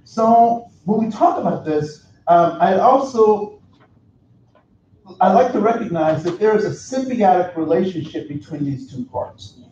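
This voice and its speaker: A man's voice: high voice, animated, a little slow, a little mellow, slight background noise. A man leading a workshop on culture, talking casually, joking and asking the audience questions. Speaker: cultural competence trainer. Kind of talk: interactive workshop talk. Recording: roomy, dull lo-fi room recording.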